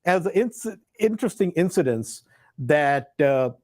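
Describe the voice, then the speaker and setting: A man's voice: fairly high pitch, expressive, measured pace, a little mellow, no room sound. A man hosting a show, telling a personal story in a casual, rambling way with many fillers and acted-out quotes.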